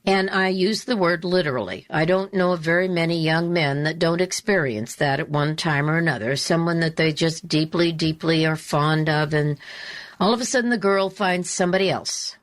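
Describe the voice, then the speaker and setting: A woman talk show host telling a story in a slow, deliberate, emphatic way, repeating her key phrases. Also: low-pitched. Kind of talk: storytelling monologue.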